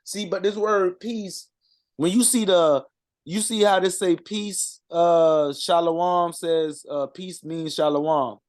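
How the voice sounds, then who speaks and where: A man with a fairly high voice talks slowly through an informal language lesson. He reads out words one by one, stops to sound them out, and fills the gaps with "uh" and "um". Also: fairly even intonation. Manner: halting, sounds out words, many fillers. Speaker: co-presenter reading out vocabulary.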